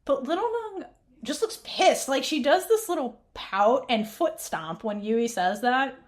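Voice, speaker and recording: A woman co-host talks through a show recap in casual chat, her pitch leaping and dipping. She sits a bit high and often breaks into laughter while she acts out the characters' lines. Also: animated, a little slow. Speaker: podcast co-host.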